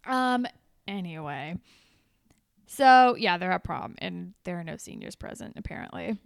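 Young woman, podcast co-host, casual recap chat, smooth voice, dry room. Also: lowish voice, unhurried, no room sound. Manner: animated, swearing, acts out characters in raised voices.

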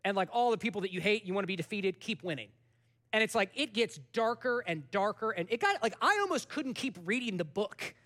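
High-voiced pastor, lively conversational sermon. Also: male voice, a little fast. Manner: conversational, animated storytelling with sudden soft drops.

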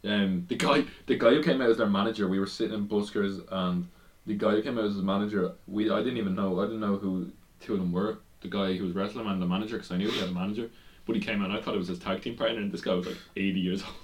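A man's voice: on the low side, fairly even intonation, fast. A man co-hosting a casual wrestling podcast, rambling with many ums and restarts and swearing now and then. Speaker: podcast co-host.

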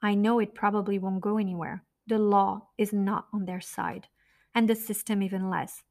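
A woman's voice: mid-range voice, flat delivery, normal speed, a little mellow. A woman narrating her own memoir in a blunt, raw, profane way.

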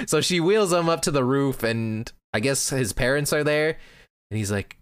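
A man's voice: medium pitch, normal speed, clean tone, no room sound, studio quality. A man chatting casually and recapping an anime show as a podcast host, laughing often.

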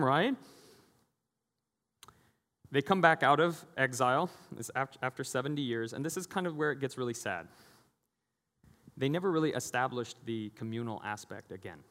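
A man preaching in a big, reverberant hall. His sermon is animated and conversational, and he slips into other people's voices as he tells the story. His pitch sits in the middle range for a man. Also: normal speed, long pauses. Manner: animated, acting out quoted voices. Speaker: pastor.

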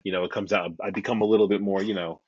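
This podcast guest, a comic creator, is a middle-aged man from Brooklyn with a mild New York accent. His voice is low-pitched, darkish and breathy-edged, with fairly even intonation and a racing pace, and he rambles casually, correcting himself in an easygoing way. The recording is dry and lo-fi.

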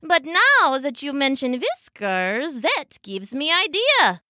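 A woman's voice: high voice, sing-song, slow, pushed and bright, no echo, studio quality, exaggerated voice. A woman voicing a cheerful female dog in a storybook, speaking in a friendly, slightly clipped way.

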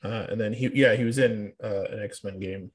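A man's voice: on the low side, fairly even intonation, normal speed, husky. A young man co-hosting a casual podcast, talking about games with lots of hesitation and restarts. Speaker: podcast co-host. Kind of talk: casual chat.

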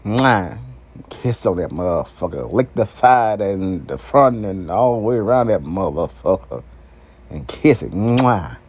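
A man's voice: low-pitched, moderate pace, slight background noise. Brash, profane man ranting uncensored. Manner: profane, brash and animated, often laughing. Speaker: vlogger. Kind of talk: raw, uncensored monologue.

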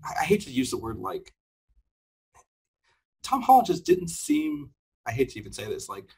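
A man's voice: mid-range voice, big pitch swings, normal speed, a little mellow, slightly rough. A man co-hosting a podcast, talking casually and animatedly with lots of laughs and fillers. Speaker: podcast co-host. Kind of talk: casual chat reviewing a film.

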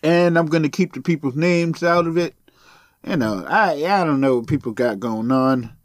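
A man's voice: a little high, normal speed, no room sound, clean studio sound. A man hosting a solo podcast, ranting sarcastically and swearing as he rambles. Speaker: podcast host.

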